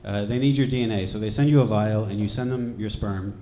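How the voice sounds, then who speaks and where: A man from Georgia doing a stand-up set, wry and deadpan, with throwaway asides. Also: fairly low pitch, fast, a little hiss or hum. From Georgia, USA. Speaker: stand-up comedian. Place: comedy club stage. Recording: echoey club with loud crowd laughter. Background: audience laughing.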